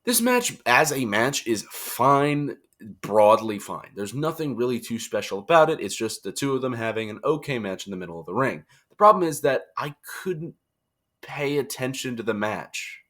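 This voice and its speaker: A man's voice: mid-range voice, very animated, normal speed, a bit bright. A tired young man giving a casual, joking wrestling review and acting out quotes in silly voices. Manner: chatty, jokey, acts out quotes in funny voices.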